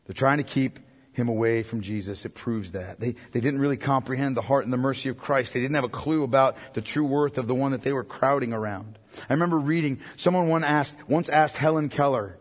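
A male pastor preaching a sermon with passion, going from loud cries to hushed tones. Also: medium pitch, brisk. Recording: long reverb of a large hall.

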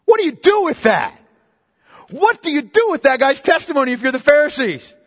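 A man's voice: extremely high pitch, very animated, a little fast. A man preaching a sermon, emphatic and casual, repeating his phrases, recorded in a church hall. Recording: long reverb of a hall.

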